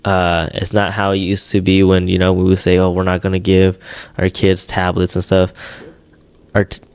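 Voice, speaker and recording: Young man, podcast co-host, casual rambling chat, smooth resonant voice. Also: sits low, monotone, moderate pace, a little mellow, no room sound. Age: young adult. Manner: rambling with many fillers and restarts.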